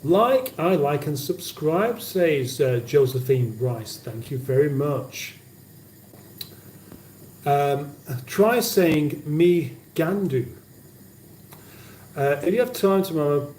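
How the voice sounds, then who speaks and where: This is a man hosting a cooking livestream from his home kitchen. He talks slowly in a mellow, slightly high voice and reads viewer comments aloud with dry banter. The sound is roomy and picked up from a distance, with faint background noise. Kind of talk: casual livestream chat.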